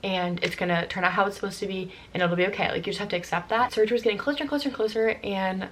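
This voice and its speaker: Fast-talking young woman, full of fillers. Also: mid-range voice, steady tone, a little hiss or hum. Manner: rushed, filler-heavy with constant "like" and "um". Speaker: vlogger. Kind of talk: casual personal storytelling.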